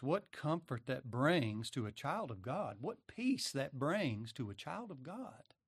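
A man preaching a sermon with dramatic delivery, acting out quoted voices and pausing often. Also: mid-range voice, sing-song, husky, dry recording, clean studio sound.

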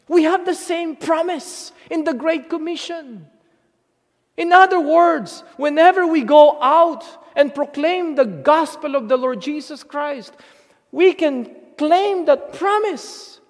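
High-voiced guy giving a sermon real slow, echoey hall sound. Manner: earnest, repeats words, dramatizes imagined speech. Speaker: preacher.

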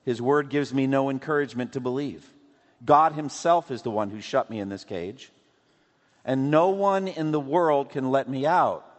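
A man's voice: a little high, natural voice. A preacher voicing a wailing man of despair. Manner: slow, wailing lament. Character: despairing man locked in an iron cage. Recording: long hall reverb.

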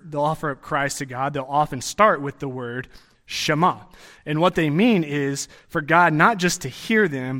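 A man's voice: on the high side, sharp tone. A young man giving a sermon in a conversational way, restarting phrases and adding asides as he teaches. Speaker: preacher.

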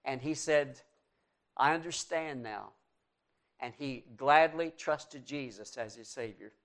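A man's voice: medium pitch, slow, a bit bright. A man in his sixties, a pastor, preaching a sermon to his congregation and earnestly repeating his questions to them.

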